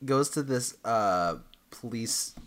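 A man's voice: medium pitch, lively intonation, slow pace, fairly bright tone. A young man co-hosting a podcast, recapping a movie in a laid-back, rambling way. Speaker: podcast co-host. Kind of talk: casual movie recap chat.

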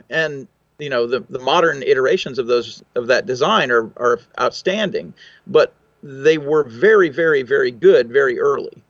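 Gravelly man talking studio gear. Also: medium pitch, lively intonation, normal speed, a bit bright, no room sound, lo-fi sound. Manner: thoughtful, technical, many fillers and restarts. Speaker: recording engineer guest. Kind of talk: conversational interview answers.

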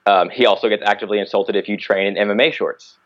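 A man's voice: on the low side, quick pace, dull audio. A man, a martial artist guest on a podcast, telling a story casually and acting out the dialogue. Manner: animated, acts out quoted dialogue.

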